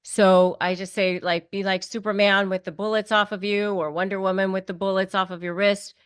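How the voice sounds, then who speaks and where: A woman's voice: mid-range voice, flat delivery, fairly quick, clear, resonant tone, dry recording. Earnest woman giving firm advice. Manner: earnest, repeats key phrases, acts out quoted speech. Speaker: narcissism expert guest. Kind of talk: conversational advice.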